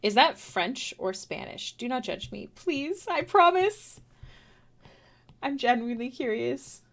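A woman's voice: high-pitched, big pitch swings, slow, a bit bright. A young woman from Canada chatting casually as she draws on a stream, rambling to herself with frequent giggles. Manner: rambling, self-talking, giggly. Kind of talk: casual chat while drawing.

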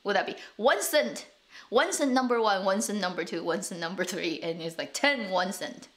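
A woman with a medium-pitched voice talks at a normal speed, chatting casually to camera as the host of a drama channel. Her first language is Chinese, and she speaks English with a North American accent, rambling along with restarts and little laughs.

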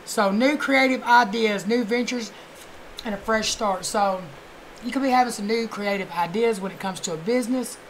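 A woman giving a casual tarot reading, chatty and blunt, who swears offhandedly and murmurs softly while shuffling. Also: on the high side, moderate pace, a little hiss or hum, poor audio. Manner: chatty, swears casually, fillers like "you know". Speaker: tarot card reader.

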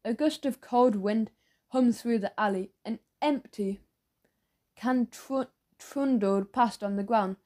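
A woman narrating a children's audiobook in a playful, expressive storytelling manner. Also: fairly high pitch, takes it slowly.

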